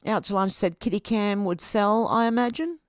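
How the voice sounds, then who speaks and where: A woman's voice: mid-range voice, normal speed, no echo, clean studio sound. A woman with an Australian accent, chatting casually on a live stream as she reads out viewer comments and reacts to them. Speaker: video host reading viewer comments.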